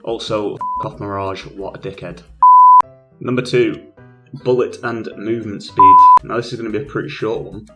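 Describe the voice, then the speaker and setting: A man giving a crude, sarcastic comedic rant as narration for an animated game review. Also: lowish voice, moderate pace, over loud music.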